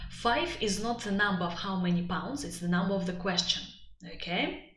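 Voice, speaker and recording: A woman's voice: medium pitch, normal speed, fairly bright tone, echoey room, slight background noise. A woman teaching an exam-prep lesson in a casual live-stream style, chatty and playful with many fillers and asides. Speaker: IELTS teacher.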